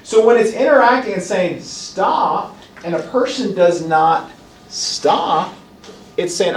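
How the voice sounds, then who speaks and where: A man's voice: high-pitched, lively intonation, slow pace. A man teaching a college class, reading items from a list and explaining them with acted-out examples. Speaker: college instructor. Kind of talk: classroom lecture. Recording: echoey room, mic at a distance, faint background noise.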